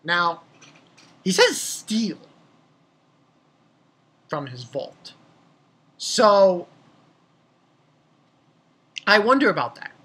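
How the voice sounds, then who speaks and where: Young man, manga review vlog, husky, bright tone, lively swinging pitch, rambling. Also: very slow, long pauses. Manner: rambling, excitable, swears freely, laughs at own jokes. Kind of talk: casual chapter review.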